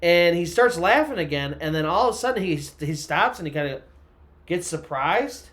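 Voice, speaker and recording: A man's voice: fairly high pitch, expressive, normal speed, fairly bright tone. A man telling a creepy story in a loose, conversational way, with lots of filler words. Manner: conversational, loose, full of "you know" and "kinda". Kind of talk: casual storytelling narration.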